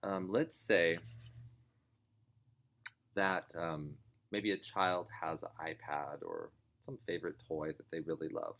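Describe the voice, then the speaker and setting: A man teaching parents, explaining child behavior gently and acting out a parent and child as he goes. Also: very deep voice, expressive, gravelly. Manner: slow, gentle, acts out parent and child voices. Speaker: family sign language teacher.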